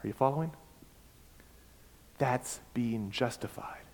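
Man, preacher, emphatic, repeats key words, slightly high voice, long hall reverb. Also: animated, normal speed, long pauses, darkish tone. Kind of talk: sermon.

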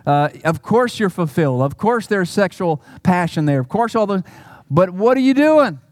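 High-voiced pastor, earnest sermon. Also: male voice, animated, normal speed. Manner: earnest, swings between emphatic peaks and soft low asides.

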